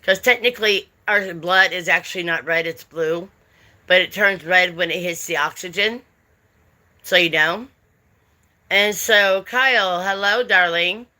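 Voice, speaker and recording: Slow, bright-voiced woman chatting live. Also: fairly low pitch. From United States. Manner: chatty, drawling, talks to chat readers by name. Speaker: livestream host. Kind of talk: casual livestream chat with viewers.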